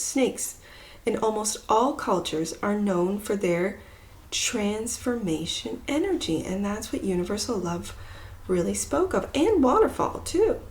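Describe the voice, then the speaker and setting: Slow, musing woman reading tarot. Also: medium pitch. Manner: slow, musing, with soft trailing phrases. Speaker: tarot reader. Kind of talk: pick-a-card tarot reading.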